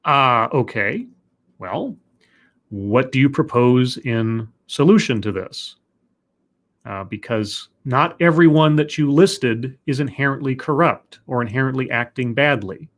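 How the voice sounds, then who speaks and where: A man's voice: medium pitch, unhurried. A man reading an essay aloud on a live stream, stopping often to question it with dry, sardonic remarks.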